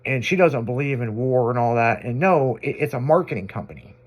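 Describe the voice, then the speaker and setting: A man's voice: mid-range voice, expressive, a little fast. A man hosting a radio show, telling stories in casual banter with crude language and frequent laughter.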